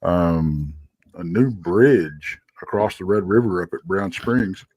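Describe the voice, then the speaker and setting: Tired guy rambling on a live chat show, lowish voice, dry close sound, keeps restarting his sentences. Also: lively intonation, slow, a little mellow, husky, no echo. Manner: rambling storyteller with many restarts. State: tired, yawning late at night. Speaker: regular panelist.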